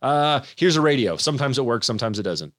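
A man's voice: medium pitch, fast talker, no room sound, studio quality. A young man in casual chat, telling stories with animation and acting out the people in them. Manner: animated storyteller, acts out quoted people.

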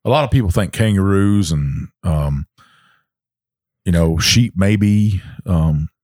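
A man's voice: deep voice, expressive, takes it slowly, a little mellow, no echo, studio quality. A man with a Southern US accent, co-hosting a podcast in a folksy, rambling way with plenty of fillers. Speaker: podcast co-host. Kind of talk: casual chat.

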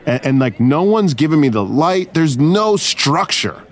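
A man in his thirties hosting a comedy podcast, telling a story in a lively, profane, filler-heavy way and laughing often. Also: on the high side, unhurried. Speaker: podcast host.

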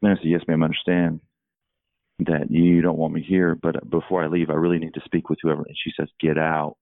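A man telling a personal story in a casual, halting way, often repeating words. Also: rumbling low, level tone, vocal fry, no echo. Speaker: guest. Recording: tinny phone-like line.

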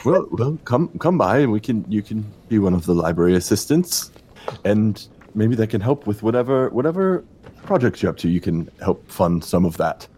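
A man's voice: on the low side, sing-song, moderate pace, dark tone, husky. A man voicing a floating eye creature that runs a library, inviting and salesy, in a tabletop game. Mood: welcoming.

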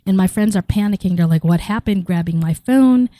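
A middle-aged woman from the Philippines tells her story with energy, slipping into the voices of the people she quotes. Her tone is warm and mellow, and she is recorded close to the mic with a dry, dead sound. She laughs easily as she talks. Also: medium pitch, a little fast, no room sound, low-quality recording. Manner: animated, acts out quoted dialogue, laughs often. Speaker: guest telling her story. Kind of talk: personal storytelling.

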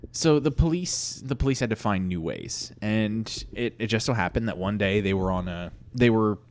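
A man co-hosting a comedy podcast, improvising a story with a rambling, halting delivery full of restarts. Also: lowish voice, animated. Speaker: podcast co-host.

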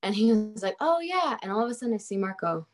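A woman's voice: medium pitch, racing. A young woman telling a story in a casual chat, laughing often and swearing freely, with lots of fillers.

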